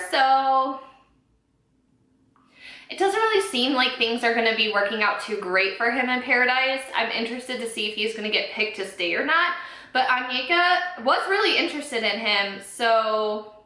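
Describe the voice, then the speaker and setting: Young woman vlogger, casual opinionated chat, higher voice, bright tone, echoey room. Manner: chatty, filler-heavy, opinionated. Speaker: beauty vlogger recapping a reality show.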